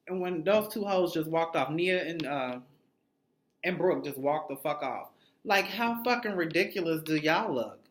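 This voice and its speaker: A man's voice: on the high side, animated, measured pace. Brief: sassy profane male recap vlogger, roomy. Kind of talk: casual gossip recap. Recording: roomy echo.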